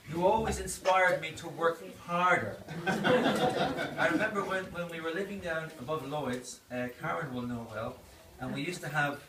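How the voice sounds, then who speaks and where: An Irish man in his fifties tells stories at his own birthday party in a fairly high voice, laughing through the punchlines. He is caught from a distance in an echoing room. The party noise around him stays clearly audible. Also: normal speed. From Ireland. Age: 50s. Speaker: doctor giving a birthday speech. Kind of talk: anecdotal party speech. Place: indoor party venue.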